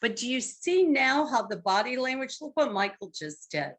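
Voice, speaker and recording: A woman's voice: sits high, sing-song, moderate pace. A woman leading a live marriage workshop, coaching couples step by step and acting out example phrases.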